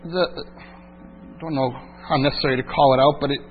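A man's voice: medium pitch, fairly even intonation, a little fast. A man preaching a sermon, teaching through a Bible passage verse by verse and building intensity at key points. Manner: expository preaching, rising intensity at climaxes. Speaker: pastor. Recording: tinny phone-like sound with mains hum.

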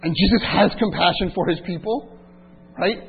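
A man preaching a sermon as pastor, swinging between loud emphatic passages and quiet reflective asides. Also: high voice, moderate pace, gravelly. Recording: tinny phone-like line with faint hum.

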